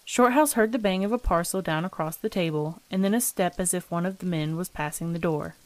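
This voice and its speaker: A woman's voice: lowish voice, fairly quick, a little mellow, no echo. Woman reading a ghost story, dry close sound. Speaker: narrator, host.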